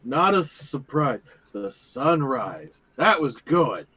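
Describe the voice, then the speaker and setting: A man's voice: mid-range voice, sing-song, slow, sharp tone. A man playing in a tabletop game who laughs often and talks animatedly. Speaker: player.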